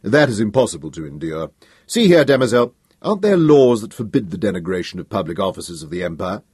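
A man's voice: on the low side, big pitch swings, fast talker, a little mellow, husky, dry recording, studio quality. A man voicing an agitated, imperious galactic emperor in an audiobook, demanding answers. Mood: indignant. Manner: indignant, demanding questions. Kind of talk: audiobook character voice.

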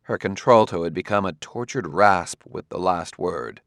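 A man narrating a novel as an audiobook in an expressive storytelling manner. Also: deep voice, moderate pace, dry recording, clean studio sound. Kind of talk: scripted narration.

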